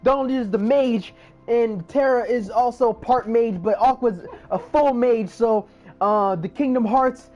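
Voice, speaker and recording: A man's voice: very high-pitched, a little slow, dull audio, faint music behind, pitched above the performer's own voice. A man doing a mocking impression of a friend who rambles through muddled explanations. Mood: rambling. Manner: rambling, breathless.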